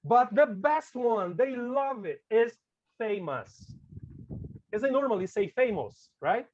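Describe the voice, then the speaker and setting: A native Portuguese speaker with a Brazilian accent gives a casual teacher-training talk to colleagues, his voice very high, darkish and animated at a moderate pace. The lo-fi recording carries a little hiss or hum, and he chats along, tacking "okay?" and "right?" onto his lines.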